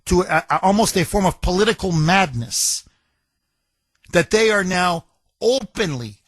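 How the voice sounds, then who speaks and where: A man's voice: high-pitched, animated, a little slow, a bit bright, no room sound. A man hosting a talk radio show, delivering a combative, emphatic and mocking monologue from a studio microphone.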